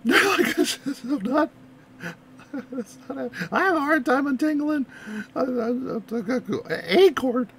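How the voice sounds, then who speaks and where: A young woman hosting a reaction video, chatting casually, laughing often, and rambling through animated anecdotes. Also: high-pitched, unhurried, a little hiss or hum.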